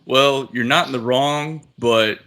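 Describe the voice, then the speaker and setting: A man's voice: medium pitch, takes it slowly, sharp tone. A man casually telling a long story on a podcast, laid-back and swearing a lot.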